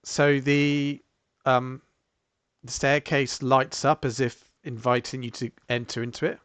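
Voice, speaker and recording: A man running a tabletop game as game master, narrating in an unhurried, matter-of-fact way. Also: medium pitch, flat delivery, fairly bright tone, no echo.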